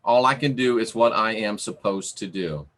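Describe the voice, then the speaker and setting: A man giving a livestream sermon, slow and emphatic, repeating his phrases for weight. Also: on the low side, fairly bright tone. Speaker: preacher reading live chat.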